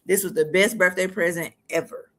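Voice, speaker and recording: Bright-voiced young woman, blunt and plain. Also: lowish voice, fairly even intonation, brisk. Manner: plainspoken, blunt, matter-of-fact. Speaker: guest, shooting survivor. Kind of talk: candid personal story.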